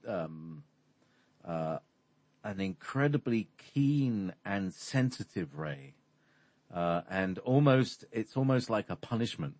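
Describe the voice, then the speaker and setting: Male spiritual teacher, low voice, hesitant and meandering, dry close sound. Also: darkish tone, no room sound. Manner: hesitant, halting, many fillers. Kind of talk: explanatory conversation.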